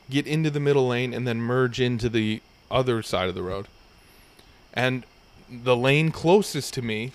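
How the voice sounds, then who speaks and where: A young adult man hosting a podcast, telling a long, rambling story full of profanity in a relaxed, casual chat. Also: mid-range voice. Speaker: podcast host.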